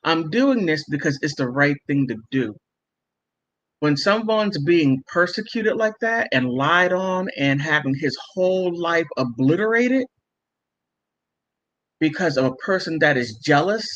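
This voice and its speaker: A middle-aged woman hosting a casual livestream, chatting emphatically with viewers and laughing often. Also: sits low. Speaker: livestream host reading viewer comments. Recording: muffled lo-fi stream audio.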